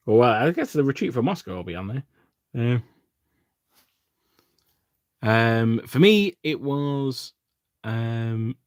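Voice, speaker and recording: A man's voice: on the low side, dry recording, clean studio sound. A man from England hosting a casual livestream, chatting with viewers while painting miniatures and rambling with lots of fillers. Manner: rambling and self-deprecating, with frequent fillers. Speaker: livestream host.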